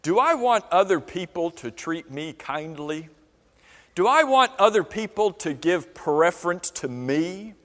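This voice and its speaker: A man's voice: high-pitched, big pitch swings, unhurried, a bit bright. A man teaching a church Bible class, asking the class question after question. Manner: asks the class many questions. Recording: long reverb of a church hall.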